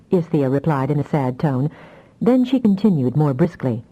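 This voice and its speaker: A woman narrating a fantasy audiobook with expressive storytelling. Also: low-pitched, moderate pace, highs cut off.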